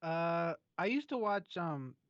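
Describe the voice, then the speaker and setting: A man's voice: fairly high pitch, expressive, takes it slowly, no room sound. A male co-host with a mid-range voice, giving short, easygoing replies. His voice comes through a dull, slightly muffled mic, dry and close with no room sound. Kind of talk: casual talk-show chat.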